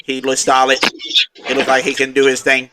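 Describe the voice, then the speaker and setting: A man's voice: medium pitch, monotone, moderate pace, a crowd in the background. A man co-hosting a casual sports podcast, laughing and teasing the others. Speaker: podcast co-host.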